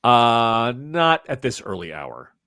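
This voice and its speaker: A man's voice: medium pitch, big pitch swings, slow, pushed and bright, smooth, no echo, clean studio sound. A man running a tabletop game as game master, narrating scenes with chatty, self-mocking asides.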